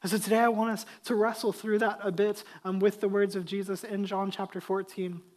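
A man's voice: sits high, flat delivery, fairly quick. A middle-aged man preaching a sermon as pastor, talking conversationally and building emphasis on key points.

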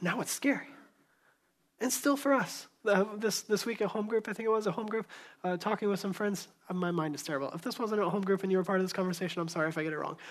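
A man pastor preaching a sermon in a church, telling the story conversationally, acting out voices and dropping to a hushed tone. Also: high-pitched, quick pace.

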